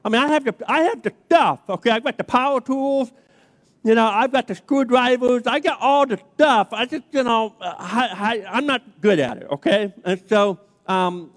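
A man preaching a sermon as a pastor, telling a story in a chatty way, keeps checking in with the crowd, then builds to emphatic preaching. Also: sits high. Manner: chatty storytelling, checks in with "okay?" and "all right?". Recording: long reverb of a large hall.

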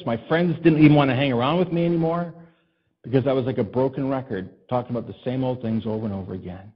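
Male pastor, slightly husky, preaches like he's chatting and keeps asking the room questions. Dull, muffled recording. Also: medium pitch. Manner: conversational, asks the congregation questions, acts out quotes. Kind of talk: sermon.

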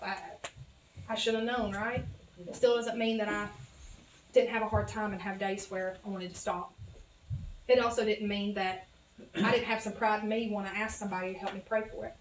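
In a church sanctuary, a woman with a Southern accent preaches to her congregation, talking conversationally and calling them y'all before building to fervent exhortation. Her voice is mid-range. The recording is echoey and distant, with music and a little hiss or hum.

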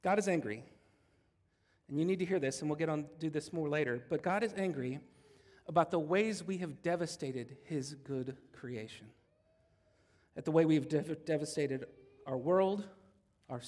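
Conversational pastor in a reverberant hall. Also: male voice, fairly high pitch, a little mellow. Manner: conversational, jokes with the congregation. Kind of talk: sermon.

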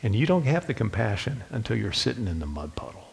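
A man's voice: fairly low pitch, big pitch swings, fast talker, creaky, in a large hall. A man preaching a sermon in a folksy storytelling manner, speaking directly to the men in the congregation. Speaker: pastor.

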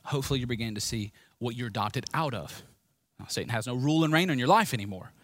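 A man preaching a sermon in a conversational, lively way, talking straight to his listeners with asides and prompts. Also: medium pitch, fast, dry recording.

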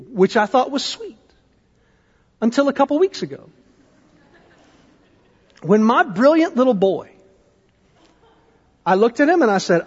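A man in his thirties preaches a sermon, his fairly high voice rising and falling with lively energy as he throws questions at the congregation. His tone is slightly husky, and the recording is dull and lo-fi, with a long church reverb trailing each phrase. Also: measured pace, long pauses. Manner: animated, conversational preaching with rhetorical questions. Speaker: pastor. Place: church sanctuary.

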